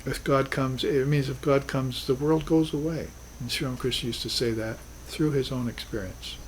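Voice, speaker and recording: Man, spiritual teacher, class lecture, middle pitch, earnest with emphatic bursts, faint hiss behind. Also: moderate pace, rough recording.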